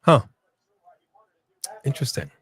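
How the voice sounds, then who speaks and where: A man co-hosting a live wrestling watch-along stream in casual chat, loosely joking and reading out viewer shout-outs. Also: slow pace.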